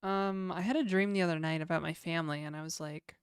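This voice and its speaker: Laid-back Canadian woman streamer, low voice. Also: steady tone, fast, clear, resonant tone, no echo, studio quality. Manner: laid-back, reads viewer questions aloud and answers them. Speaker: livestreamer. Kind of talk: casual livestream chat.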